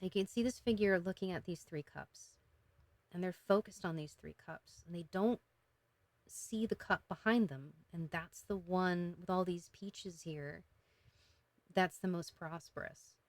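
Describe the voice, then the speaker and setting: A woman giving a casual, emotional tarot reading, talking gently with many fillers and restarts. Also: on the low side, a little slow, no room sound. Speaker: tarot reader.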